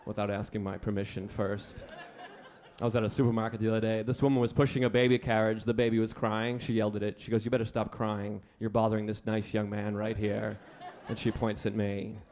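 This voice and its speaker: A man doing a stand-up comedy set on a club stage, with a deadpan, self-deprecating delivery. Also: on the low side. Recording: live club set with faint crowd. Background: audience laughter.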